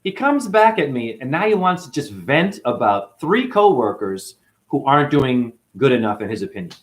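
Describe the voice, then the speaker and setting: An emotional man tells a personal story about being mistreated at his cleaning job. His pitch swings widely, leaping up when he quotes people and dropping low when he sighs over the hurt. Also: sing-song, normal speed. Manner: emotional, recounting grievances with acted quotes. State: chronic hip pain. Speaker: janitor.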